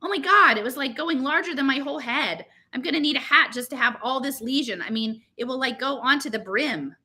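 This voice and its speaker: A woman's voice: on the high side, brisk, pushed and bright. A woman reading aloud and voicing a frantic teenage girl who talks dramatically with valley-girl fillers. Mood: panicked. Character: frantic teenage girl fretting over a blemish.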